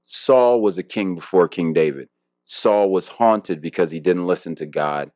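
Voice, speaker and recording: Deep-voiced man musing in interview. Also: a little slow, darkish tone, dry recording, studio quality. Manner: rambling and reflective, many fillers and restarts. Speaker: harpist guest. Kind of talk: casual interview talk.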